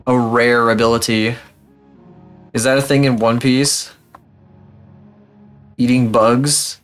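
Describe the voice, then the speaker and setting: Young male streamer, casual mid-pitch voice, loose and profane, light music underneath. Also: level tone, takes it slowly, pauses often, a bit bright. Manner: rambling, profane and self-mocking. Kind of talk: casual live-stream chat.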